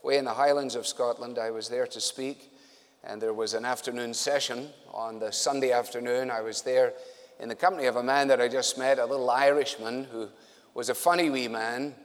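Man, preacher, dry wry humor, conversational sermon, middle-pitched voice, long echoing hall reverb. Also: steady tone, a little fast. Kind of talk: conference sermon.

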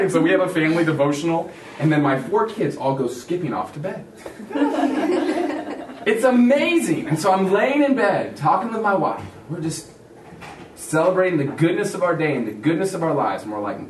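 A man preaching a sermon as a pastor, telling a story with lively acted-out voices of others. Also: on the high side, normal speed, a little hiss or hum. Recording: echoey room from a distance.

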